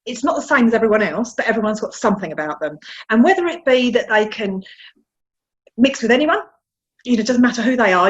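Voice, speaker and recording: Guest, woman, South London accent, chatty and candid, self-deprecating, slightly muffled recording. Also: a little high. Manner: chatty, frank, self-deprecating, repeats words. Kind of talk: candid interview chat.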